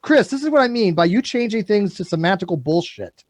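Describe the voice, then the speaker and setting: A man's voice: high voice, lively intonation, brisk, no room sound. A man hosting a live call-in debate, confrontational and swearing, hammering the same demand over and over. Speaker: host of a call-in debate stream.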